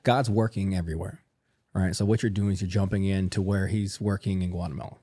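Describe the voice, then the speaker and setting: Mellow-voiced, excitable podcast co-host man. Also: fairly quick, breathy edge. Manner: enthusiastic, jumps high when excited, says "man" a lot. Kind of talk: casual podcast chat.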